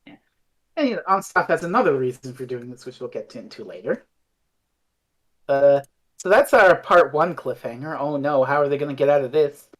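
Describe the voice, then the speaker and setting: Male podcast co-host, casual and animated, very lively pitch. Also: a little fast. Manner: animated, acts out characters mid-recap. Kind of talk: casual chat.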